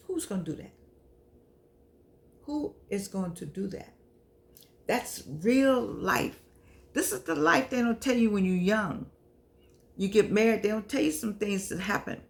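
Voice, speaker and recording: An older woman speaks straight to her viewers in a heartfelt, preachy monologue. Her voice has a gravelly, creaky texture at a middle pitch. She keeps repeating her points, calls on the Lord, and sounds close to tears. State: teary. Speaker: show host and humanities professor. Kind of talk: casual heartfelt monologue to camera.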